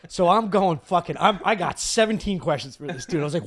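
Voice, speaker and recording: A man tells stories on a casual podcast, his pitch a touch high for a man. He is animated and acts out everyone in his anecdotes, laughing often along the way. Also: brisk. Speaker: podcast co-host.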